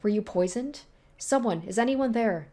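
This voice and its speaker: A woman's voice: mid-range voice, animated, moderate pace, dark tone, pitched above the performer's own voice, lightly acted. A woman reading a visual novel aloud, voicing a devoted male advisor pleading urgently with his lord.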